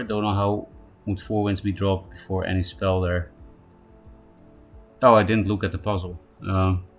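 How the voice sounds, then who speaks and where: Guy streaming, kinda low voice, rambly, um uh a lot, quiet music in the back. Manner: rambling, thinking aloud with fillers. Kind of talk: casual live-stream commentary.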